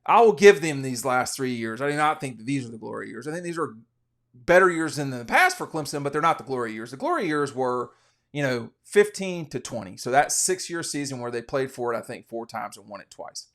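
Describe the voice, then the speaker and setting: A man's voice: mid-range voice, expressive, brisk, a bit bright. A man hosting a casual college football podcast, giving rambling, opinionated betting commentary with frequent restarts. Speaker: sports podcast host.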